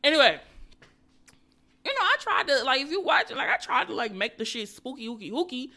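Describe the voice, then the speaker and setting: Animated, bright-voiced woman podcast host ranting. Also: sits high, a little fast. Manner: talks straight to viewers and listeners. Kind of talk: casual comedic monologue.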